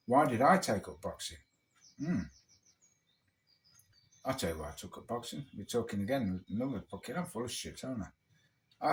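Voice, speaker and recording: A British man talking in a casual, rambling monologue over a beer, blunt and swearing heavily. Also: mid-range voice. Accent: British English. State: drinking beer. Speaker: vlogger.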